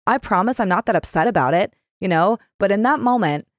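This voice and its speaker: A woman's voice: medium pitch, animated, no room sound. A young adult woman co-hosting a podcast, speaking candidly and with passion in casual chat. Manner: candid and impassioned, talks fast. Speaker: podcast co-host.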